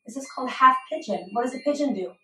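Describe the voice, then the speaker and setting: Female yoga instructor, gentle encouraging cues, slightly high voice, recorded at a distance in an echoey home room. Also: lively intonation, quick pace, a little hiss or hum. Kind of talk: guided yoga class with a toddler.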